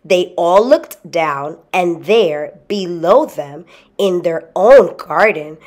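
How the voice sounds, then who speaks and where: Woman, children's story reader, slow pace, animated intonation. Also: fairly low pitch. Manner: slow, expressive. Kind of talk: children's story read-aloud.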